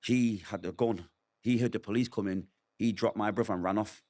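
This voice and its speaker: A middle-aged guest in a sit-down interview describes his own hardships, his lowish, slightly mellow voice moving a little fast. Emotional and open, he brings the story alive by acting out other people's lines.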